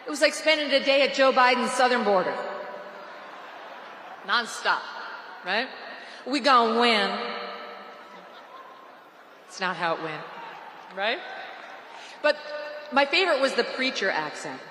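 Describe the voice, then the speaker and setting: A woman's voice: a little high, sing-song, normal speed, pauses often, background noise. Sarcastic woman speaking at a rally. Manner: mocking, sarcastic, punchy delivery. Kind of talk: political rally speech. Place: large indoor rally venue. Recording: echoey arena PA reverb.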